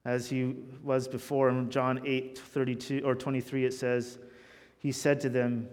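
A man preaching a sermon as pastor, earnest, moving between loud emphasis and hushed intensity. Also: medium pitch, flat delivery, unhurried. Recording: long hall reverb.

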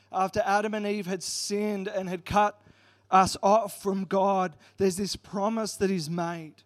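High-voiced pastor preaching a sermon. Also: male voice. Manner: earnest storytelling with Bible readings.

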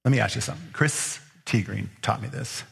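In a gravelly, mid-range voice and at a slightly fast pace, a pastor delivers his sermon. He earnestly pushes his listeners with repeated questions, and the recording carries the long reverb of a large hall.

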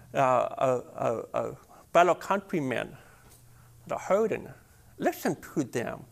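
A man's voice: a little high, creaky. Impassioned male pastor preaching. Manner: impassioned, rising to emphatic peaks, repeats words. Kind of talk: sermon.

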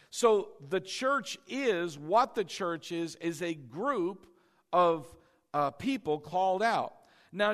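High-voiced preacher, keeps checking in. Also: male voice, fairly bright tone. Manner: checks in with "all right?" and has the congregation repeat words. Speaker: pastor. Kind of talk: sermon.

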